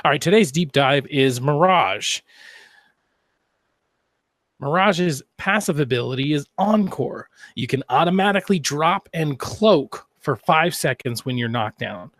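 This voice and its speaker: A man's voice: fairly high pitch, fairly bright tone, no room sound. Guy on a gaming podcast, joking around, rambly, dry close mic. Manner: jokey, rambling, playful asides. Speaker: podcast co-host. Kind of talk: casual gaming podcast chat.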